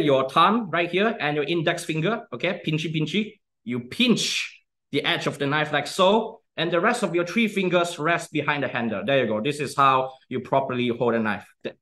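A young man walks through a cooking demonstration in a chatty, easygoing way, checking in with "okay?" after nearly every step. His voice sits a little high for a man. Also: a bit bright. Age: young adult. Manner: chatty, repeats "okay?" often.

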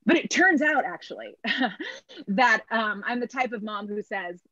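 A woman in her thirties doing a stand-up set over a video call, animated and punchy, stretching her punchlines. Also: on the high side, a little slow, dry recording, highs cut off. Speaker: stand-up comedian. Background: laughter from viewers.

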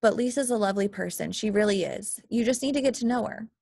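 Woman doing soft-spoken earnest dad, low and calm, gravelly edge, dry sound. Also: fast talker, no echo. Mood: gentle. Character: quiet earnest middle-aged father.

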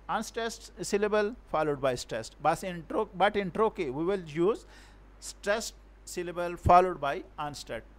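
Male teacher, high-pitched voice, halting lecture on verse meter, frequent restarts. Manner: halting, repeats and self-corrects words; non-native English grammar.

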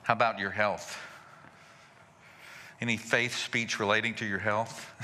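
A male pastor preaching a sermon in a folksy way, asking rhetorical questions and chuckling softly. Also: fairly low pitch, level tone, slow, long pauses, big-room sound, a little hiss or hum.

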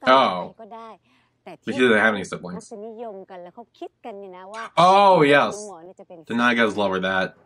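A man hosting a reaction video, talking casually and excitably, swearing freely and exclaiming at what he sees. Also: fairly low pitch, takes it slowly, pauses often.

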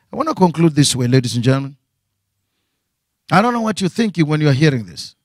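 A man's voice: fairly high pitch, sing-song, fast, long pauses, a little mellow, dry recording, clean studio sound. A man preaching a sermon as pastor, asking rhetorical questions and repeating phrases.

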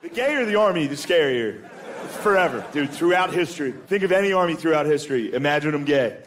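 A man in his thirties doing stand-up comedy on a club stage, telling crude stories in a deadpan way and slipping into mocking voices. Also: on the high side, brisk. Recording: live stage recording with audience noise. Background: audience laughter.

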